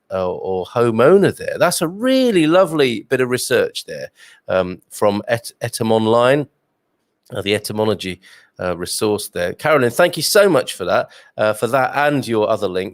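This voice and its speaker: A man's voice: on the low side, expressive, moderate pace, no room sound, clean studio sound. A man hosting a casual livestream from home, reading out viewer comments in a chatty, jokey way with plenty of ums and uhs. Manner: chatty and jokey, many fillers. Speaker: livestream host. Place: home with a wood stove.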